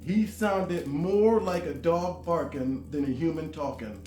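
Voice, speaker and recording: A vlogger in his forties tells a story in a casual monologue, animated and drawn out for emphasis with sudden loud, high bursts. The room is echoey and faint music plays.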